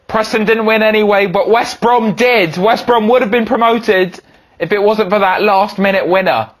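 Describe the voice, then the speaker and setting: A young man giving excitable commentary on his own football video game, swinging from low muttering to high shouting. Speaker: gaming video host.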